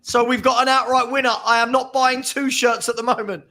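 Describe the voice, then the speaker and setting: Laughing high-voiced man calling auction bids. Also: little pitch movement, sharp tone. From England. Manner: jokey, laughs often, calls bids slowly. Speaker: charity stream host running an auction. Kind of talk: casual livestream chat, auctioneering.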